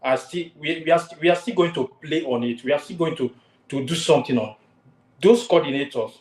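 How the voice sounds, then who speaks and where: A man's voice: fairly high pitch, brisk, darkish tone, roomy sound, rough recording. A man hosting a heated talk show, repeating his warnings with force.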